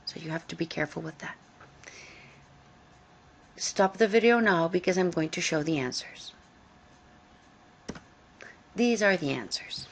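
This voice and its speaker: A woman teaching English grammar in a recorded lesson, explaining slowly and carefully and repeating key points. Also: on the low side, slight background noise. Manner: slow, careful explaining with repetition.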